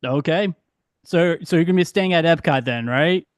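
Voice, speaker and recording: A man's voice: fairly high pitch, moderate pace, dry recording, studio quality. A man hosting a casual roundtable chat, eagerly asking questions and often repeating his words. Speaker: podcast host.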